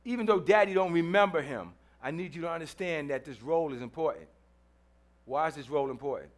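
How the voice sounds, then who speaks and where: Fast and fairly high-pitched, a male pastor preaches in a church, spinning a story with humor. He voices the people in the tale and repeats phrases for emphasis.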